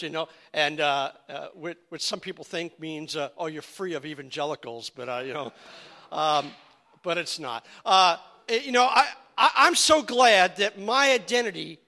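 High bright-voiced preaching man. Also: gravelly. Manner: animated, stammering repeats of words. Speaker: pastor. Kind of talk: sermon.

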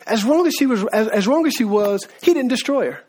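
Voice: mid-range voice, lively intonation, brisk, a little mellow, breathy edge. A preacher delivering a sermon in casual, slangy talk, repeating words and laughing as asides.

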